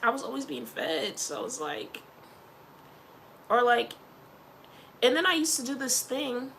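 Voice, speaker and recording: A woman vlogger chatting casually to camera, animated and playful, with slangy asides. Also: high-pitched, measured pace, gravelly, slight background noise.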